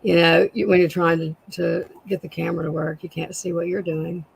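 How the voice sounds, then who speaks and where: A woman with a raspy voice, a guest seller chatting casually on a live sale and describing jewelry pieces. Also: on the low side, little pitch movement, brisk, poor audio.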